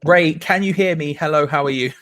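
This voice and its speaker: A fairly high-voiced man chats casually as host of a live football watch-along. He greets viewers one by one and talks fast between predictions. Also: a bit bright, a little hiss or hum. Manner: chatty, reads out viewer names, quick asides.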